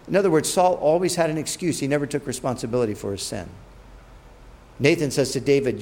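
Male preacher, sermon storytelling, animated, voices the quotes, mid-pitched. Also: fast talker. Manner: animated, acts out quotes with rising and dropping pitch.

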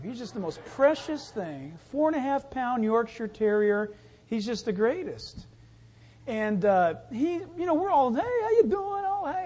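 A pastor delivers a sermon in a loose, conversational style, telling stories and acting out the voices of the people in them. His voice is high with a darkish tone, and a little hiss or hum sits under the recording.

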